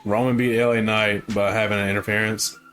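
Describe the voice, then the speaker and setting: A man's voice: fairly low pitch, level tone, a little fast, fairly bright tone, faint music behind. A young man co-hosting a podcast in casual chat, laid-back and slangy, laughing often. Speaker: podcast co-host.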